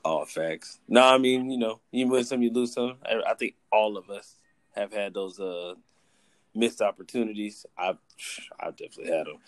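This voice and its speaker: A man in casual conversation, chiming in with quick agreeing reactions and his own stories. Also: lowish voice, no echo. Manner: agreeable listener, chimes in with short reactions. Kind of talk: casual chat.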